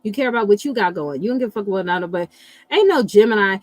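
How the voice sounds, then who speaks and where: A middle-aged woman hosting a casual live chat, animated and blunt, swearing freely and reacting to viewer comments. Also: medium pitch, racing, no room sound, low-quality recording. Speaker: livestream host reading astrology.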